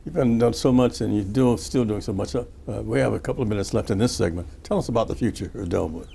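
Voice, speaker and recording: Low, mellow-voiced St. radio host. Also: male voice, gravelly, slightly rough. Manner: reads addresses slowly and deliberately. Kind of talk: radio interview and announcements.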